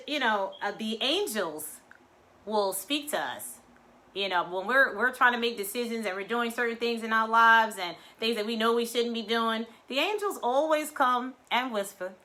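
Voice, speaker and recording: A middle-aged woman, giving a casual, animated spiritual talk to her viewers and acting out quoted voices. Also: medium pitch. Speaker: spiritual vlogger.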